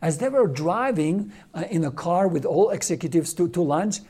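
A man preaching as a Catholic priest, telling a story in a soft, husky voice with a mellow, dark tone. He speaks haltingly, often repeating words and slipping in non-native grammar. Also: on the high side, lively intonation. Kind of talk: sermon storytelling.

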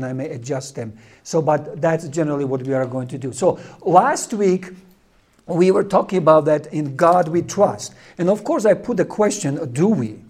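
A man from Czechoslovakia, teaching a class and telling animated stories that he laughs through. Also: on the high side. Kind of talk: storytelling lecture.

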